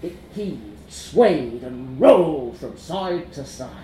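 A man's voice: medium pitch, lively intonation, takes it slowly, warm tone, slight background noise. A man reading a darkly comic story aloud, wry and chuckling. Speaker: narrator. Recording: roomy echo.

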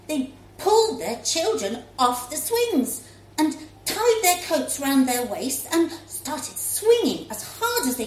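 A woman reading a story aloud in a child's first-person voice, expressive and lively. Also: sits high, a little hiss or hum. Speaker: story reader. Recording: roomy echo, faint room ambience.

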